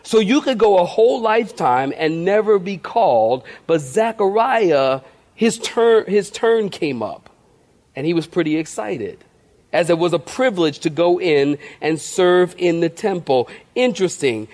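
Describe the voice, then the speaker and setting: Brief: male pastor, high voice, funny animated sermon delivery. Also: measured pace. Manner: humorous, animated storytelling.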